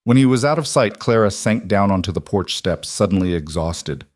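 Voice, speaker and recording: A man narrates a scripted frontier story at an even, measured pace. His voice sits fairly low. The sound is dry, with no room around it. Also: dry recording.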